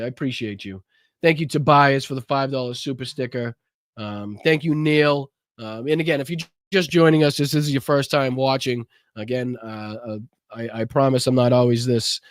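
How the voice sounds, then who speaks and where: A man's voice: on the high side, dry recording, clean studio sound. Profane, fired-up male podcast host. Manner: profane, impassioned ranting; calmer, halting reading of chat messages. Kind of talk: livestream rant and chat thank-yous.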